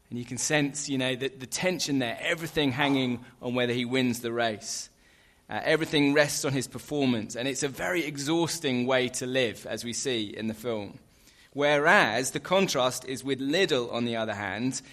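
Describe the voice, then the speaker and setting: A man preaching a sermon in a relaxed, conversational way, with fillers and light asides. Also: medium pitch, normal speed.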